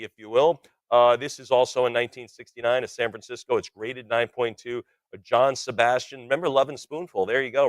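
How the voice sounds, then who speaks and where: Auctioneer, man in his 60s, rapid bid chant with playful banter, mid-range voice, dry close mic. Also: mid-range voice, fairly bright tone, dry recording. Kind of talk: live auction calling.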